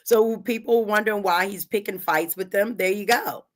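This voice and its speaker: A woman's voice: medium pitch, normal speed. A woman co-hosting a morning talk show, chatting about the news and laughing often. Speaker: co-host. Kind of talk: casual chat.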